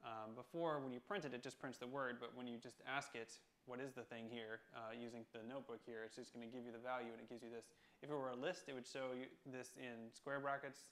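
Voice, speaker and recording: Male coding instructor, gravelly mid-pitch voice, casual screencast, talks it through with ums and restarts. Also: steady tone, fairly quick, a bit bright. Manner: thinking aloud, many fillers and self-corrections.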